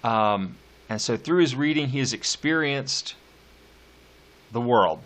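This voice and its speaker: A male teacher giving a recorded poetry lecture. He reads verse slowly with drawn-out stresses and drops casual asides between the lines. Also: medium pitch, animated, a bit bright.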